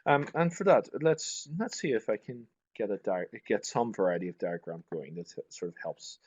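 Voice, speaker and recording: A man's voice: fairly low pitch, lively intonation, normal speed, darkish tone, husky, dry recording. A man teaching an online class, talking things through conversationally with frequent restarts, over a video call. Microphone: computer mic on a video call. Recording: dull lo-fi online call audio.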